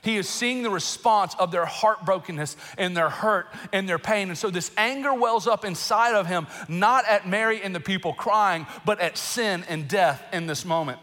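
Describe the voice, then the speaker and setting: Male pastor, high and bright voice, impassioned preaching in a reverberant hall. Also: moderate pace, few pauses. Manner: emotional, animated preaching with laughs and outbursts. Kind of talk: sermon. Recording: long reverb in a large hall.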